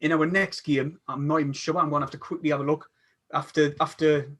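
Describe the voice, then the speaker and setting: A man's voice: a little high, little pitch movement, a little fast, a bit bright. A man, hosting a casual football chat and stumbling over restarts as he reads viewer comments aloud. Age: 40s. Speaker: podcast host.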